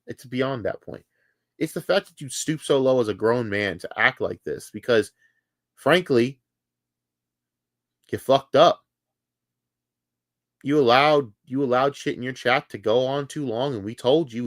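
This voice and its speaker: A man's voice: lowish voice, dry recording, clean studio sound. A man livestreaming, delivering a heated, profane, taunting rant at a rival.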